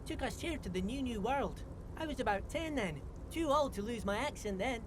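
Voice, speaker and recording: A cheerful Scottish dockworker. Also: male voice, extremely high pitch, expressive, moderate pace. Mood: friendly. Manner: chatty, folksy, sing-song. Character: cheerful male dockworker with a thick accent. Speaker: game character. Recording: game audio with clear background noise.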